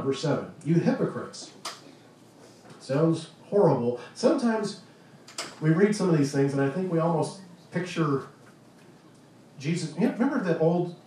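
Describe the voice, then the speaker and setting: Male pastor, mellow voice, earnest conversational sermon, recorded from afar in a roomy hall. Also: medium pitch. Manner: earnest, conversational preaching with pauses and restarts. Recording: echoey room, distant mic, faint noise.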